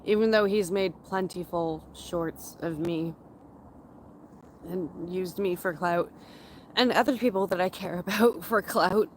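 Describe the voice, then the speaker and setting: A woman in her thirties from Canada, casually chatting with her livestream viewers in a slow, rambling way, with a runny nose. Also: fairly low pitch, slight background noise. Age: 30s. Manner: slow, rambling and chatty, with frequent fillers and laughs. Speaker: livestream host. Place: outdoors in a forest area.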